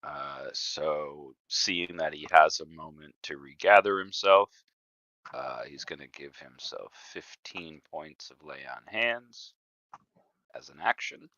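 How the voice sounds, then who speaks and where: A man playing a tabletop game, talking animatedly and bursting into loud laughs. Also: rumbling low, expressive, slow pace, no room sound. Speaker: player. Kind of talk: casual tabletop play. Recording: dull, dry mic.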